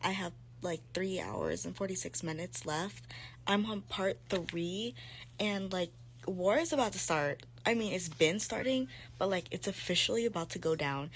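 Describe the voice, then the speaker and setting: A young woman chatting casually in a reading vlog, excitable and gushing, with lots of "like". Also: fairly low pitch, normal speed, a little hiss or hum. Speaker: book vlogger.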